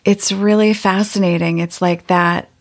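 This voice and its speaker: A woman hosts a podcast conversation, speaking in an unhurried way. She reflects aloud and affirms what her guest says. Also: medium pitch, fairly even intonation. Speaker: podcast host. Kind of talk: conversational interview.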